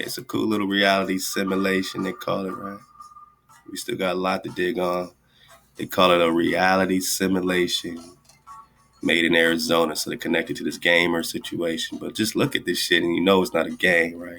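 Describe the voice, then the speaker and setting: Low gravelly man riffing with "right?". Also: a bit bright. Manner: rambling, repeats "right?" and "man" often. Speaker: radio host. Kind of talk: casual esoteric commentary over screen share.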